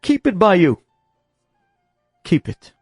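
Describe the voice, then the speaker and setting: A man's voice: high-pitched, huge pitch swings, slow pace, husky, dry recording, clean studio sound, soft background music, heavily acted. A man voicing an elderly, revered rabbi who speaks earnestly and pleads.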